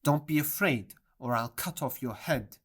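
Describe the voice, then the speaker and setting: Bossy storybook king, blustering, commanding, raised pitch, read aloud by a narrator. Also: unhurried, breathy edge. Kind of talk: storybook audiobook reading.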